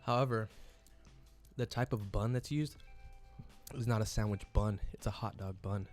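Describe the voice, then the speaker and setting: A man's voice: fairly low pitch, normal speed, soft background music. A young man casually asking questions during a hot wing challenge, upbeat and teasing. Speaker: youth group co-host.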